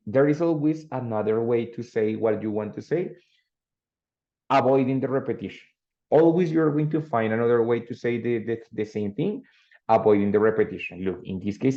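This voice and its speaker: A man teaching an English grammar lesson, explaining patiently and checking in with students with "no?" and "ready?". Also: medium pitch. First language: Spanish. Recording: dull lo-fi sound.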